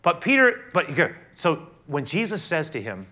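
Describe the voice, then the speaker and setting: A man preaching a sermon, who swings from hushed to loud and often restarts and repeats himself as he builds. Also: on the high side, sing-song, moderate pace. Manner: frequent restarts and repetitions. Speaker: pastor.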